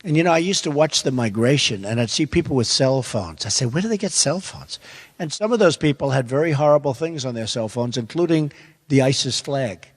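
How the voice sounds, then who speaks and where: A man's voice: medium pitch, lively intonation, fairly quick, long reverb tail. An older man answering questions as a political candidate, speaking emphatically, repeating phrases and wandering into asides. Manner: repetitive, emphatic, rambling asides. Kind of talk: campaign forum answer.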